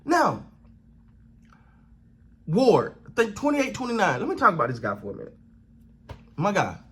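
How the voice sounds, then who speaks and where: This man has a husky, fairly high voice that swings all over the place as he rants about a football game. He hammers his points by repeating himself and talks in casual slang, like a sports channel host reacting on camera. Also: huge pitch swings, normal speed, a bit bright. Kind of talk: animated sports reaction rant.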